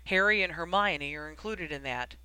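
An audiobook reader voicing a weary, harried middle-aged wizard official who talks in a brisk, grumbling, wry way. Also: medium pitch, bright, forceful tone, clear, resonant tone, no echo, lightly acted, low-quality recording.

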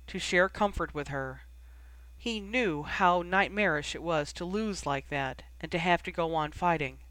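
A narrator reading a story aloud in a steady, even manner. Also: medium pitch, no room sound, poor audio. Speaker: audiobook narrator. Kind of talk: scripted narration.

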